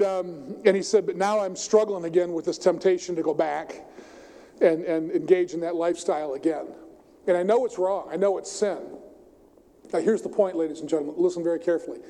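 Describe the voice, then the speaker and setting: An older man preaching a sermon, telling stories emphatically and swinging his voice between loud and soft. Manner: storytelling, emphatic, varies pitch and volume widely. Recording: long hall reverb.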